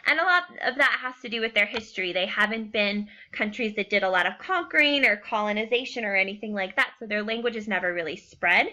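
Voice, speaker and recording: Young woman teacher, super bright voice, chatty lecture, lots of "okay" and "um". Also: mid-range voice, lively intonation, a little fast, few pauses. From United States. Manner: chatty, filler-heavy, checks in with "okay". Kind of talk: recorded classroom lecture.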